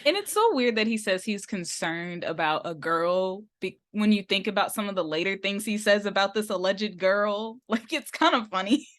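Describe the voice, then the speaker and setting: A woman's voice: mid-range voice, lively intonation, moderate pace, hardly any pauses, fairly bright tone. A woman guest co-hosting a casual recap podcast, giggly and eager to chime in. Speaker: guest co-host.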